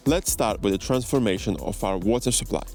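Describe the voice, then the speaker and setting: A man with a fairly low, slightly mellow voice narrates a voice-over on his farmhouse renovation at a fairly quick pace. He explains each step plainly with slightly non-native phrasing, and faint music plays behind him.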